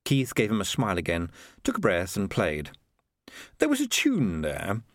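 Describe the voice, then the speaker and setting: Brief: male narrator, expressive and lively storyteller, dry studio read. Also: lowish voice, normal speed, no room sound. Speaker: audiobook narrator. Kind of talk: scripted narration.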